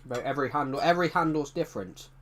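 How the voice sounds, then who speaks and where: A man's voice: on the high side, fast, a bit bright. A man chatting casually on a live stream, rambling and correcting himself, with a tickly throat that keeps him coughing.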